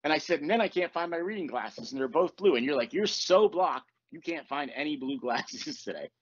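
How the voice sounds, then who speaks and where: A man hosting a podcast, telling a story in casual chat, animated and swearing as he acts out what people said. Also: on the high side, brisk, highs cut off. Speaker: podcast host.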